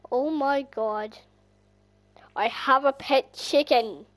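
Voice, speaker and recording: A woman with an Irish accent giving rambling, chatty gameplay commentary that bursts into excited squeals. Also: high voice, slow, dry recording. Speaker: gaming channel host.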